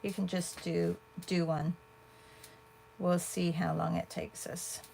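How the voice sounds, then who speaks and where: A woman with a gravelly, fry-tinged voice chats her way through a painting livestream. She thinks out loud and answers viewers between strokes. A faint hiss sits under her voice. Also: fairly low pitch, flat delivery, slow pace. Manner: chatty, thinks aloud and answers viewers' comments. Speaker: art livestream host. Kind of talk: casual livestream chat while painting.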